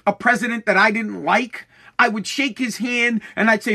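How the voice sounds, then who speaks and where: A man's voice: very high-pitched, steady tone, normal speed, creaky, sharp tone. An American man delivering a heated, profanity-laced rant to his followers, often stammering and restarting his sentences. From United States. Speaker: online commentator.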